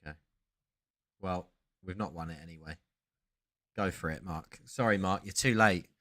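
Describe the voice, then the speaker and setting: Rambling man, low-voiced. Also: normal speed, pushed and bright. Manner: rambling, self-interrupting storyteller. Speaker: sports card streamer. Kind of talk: casual live-stream chat.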